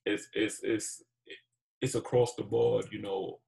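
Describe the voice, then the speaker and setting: Gravelly man, stammering and earnest. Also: lowish voice, steady tone, slow, darkish tone. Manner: stammering, repeats words, earnest. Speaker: podcast co-host. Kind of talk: heated podcast conversation.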